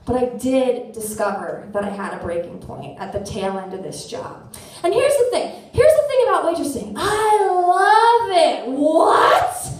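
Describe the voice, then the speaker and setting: A woman in her thirties telling a story on a theater stage, animated and self-mocking. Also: mid-range voice, distant mic. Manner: animated, self-mocking, quick shifts into voices. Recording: echoey theater, voice from afar.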